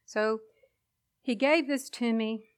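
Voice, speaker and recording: A woman's voice: fairly high pitch, slow, smooth. A woman preaching a sermon and sharing a personal testimony, with an emotional, emphatic delivery.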